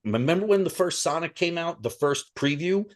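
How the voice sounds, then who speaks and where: Man, podcast co-host, heated and profane, lively swooping pitch, a bit high. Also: moderate pace. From Italian-American. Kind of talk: casual chat.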